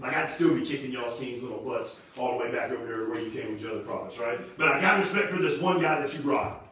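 A man's voice: medium pitch, quick pace, sharp tone, slight background noise, pitched below the performer's own voice, close to an everyday voice. A man voicing a brash, defiant biblical prophet with a streetwise, tough-talking manner. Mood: scornful. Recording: very echoey room, distant mic.

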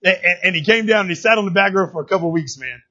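A male pastor preaching a sermon in a folksy, emphatic way that swells to shouts. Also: sits high, rapid-fire, dull audio.

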